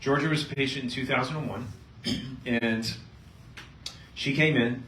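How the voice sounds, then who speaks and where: A middle-aged male chiropractor talks to a seminar crowd, leaning into an animated patient story. He sits back from the mic, so the room's echo rings around his voice, and a faint hiss stays under it. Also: mid-range voice, a little slow. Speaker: chiropractor giving a health seminar. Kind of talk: live seminar talk to an audience. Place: seminar room with a live audience. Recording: echoey room, mic at a distance, faint noise.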